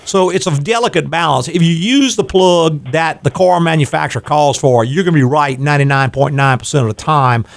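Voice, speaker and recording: A man's voice: a little high, a little fast, vocal fry, few pauses. An older man hosting a call-in radio show on car repair, explaining at length and laughing easily. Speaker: radio show host, garage owner.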